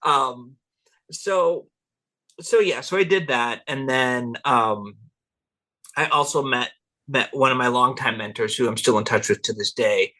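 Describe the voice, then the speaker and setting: A man's voice: medium pitch, a little slow, bright, forceful tone. A middle-aged man, a cultural anthropologist guest, telling rambling stories in an interview, laughing often and acting out what people said. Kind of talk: relaxed interview storytelling.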